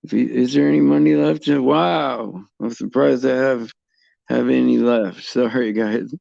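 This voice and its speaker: A middle-aged man with a heavily gravelly, mellow voice talks unhurriedly about faith, stumbling and restarting his phrases again and again. The sound is dry and close, a little dull and lo-fi. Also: mid-range voice, fairly even intonation, no room sound. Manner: halting, repeats words, many restarts. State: tearful at times. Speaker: host. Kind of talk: casual faith talk to viewers.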